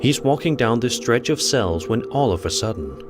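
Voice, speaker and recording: A man reading scripted narration of eerie stories in a measured, even delivery. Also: mid-range voice, music in the background.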